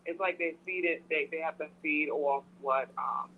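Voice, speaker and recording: A woman's voice: sits low, normal speed, a little hiss or hum. Hesitant woman on a tinny phone line. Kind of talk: casual book discussion.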